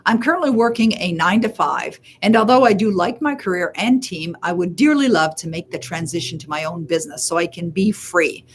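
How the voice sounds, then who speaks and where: Chatty middle-aged Canadian woman, low voice. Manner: chatty storyteller, acts out quoted voices; slows and stresses key points. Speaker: host answering viewer questions. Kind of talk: live Q&A coaching talk.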